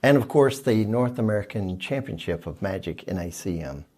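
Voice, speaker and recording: A man's voice: lowish voice, expressive, normal speed, a little mellow. A man co-hosting a casual podcast, explaining things briefly and plainly. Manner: brief, matter-of-fact explanations. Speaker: podcast co-host. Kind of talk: casual chat.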